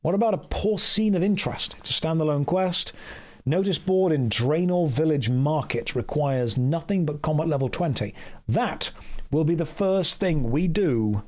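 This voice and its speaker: A man chatting on a casual gameplay livestream, joking and rambling as he reads game text aloud. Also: on the high side. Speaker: streamer.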